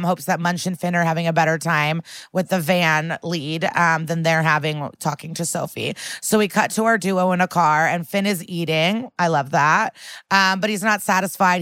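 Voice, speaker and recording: A woman co-hosting a podcast talks through a TV episode in loose, chatty fashion. Her voice sits on the low side, and she keeps filling her sentences with "like" and "um." The sound is close and dry. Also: a bit bright, dry recording. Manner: chatty, lots of "like" and "um", acts out quotes. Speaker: podcast co-host. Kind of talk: casual recap chat.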